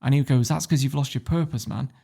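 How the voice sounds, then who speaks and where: Northern English man, podcast guest: fast, gravelly, animated storyteller, swears freely. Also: mid-range voice. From Warrington, England. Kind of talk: casual interview storytelling.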